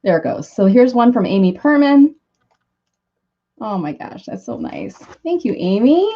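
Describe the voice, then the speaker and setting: A woman's voice: on the high side, big pitch swings, unhurried. Gushing woman on a live stream. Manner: gushing, effusive and chatty. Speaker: marketing consultant unboxing a gift on a live video. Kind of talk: impromptu live unboxing chat. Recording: slightly dull lo-fi audio.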